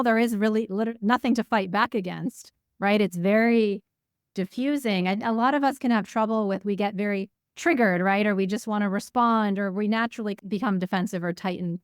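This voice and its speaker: A woman's voice: mid-range voice, brisk, clear, resonant tone, no room sound, clean studio sound. A woman co-hosting a podcast interview, reflecting on answers and asking follow-up questions. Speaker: co-host.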